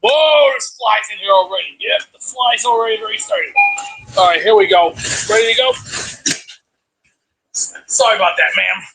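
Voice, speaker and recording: A man driving his route in a casual self-recorded clip, hurried and barking orders at people. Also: high-pitched, sing-song, pushed and bright, breathy edge, poor audio.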